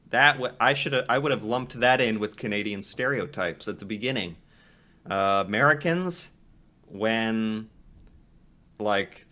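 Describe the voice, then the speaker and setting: A man's voice: fairly low pitch, sharp tone. A man reacting to a video in casual commentary, thinking aloud and musing with restarts.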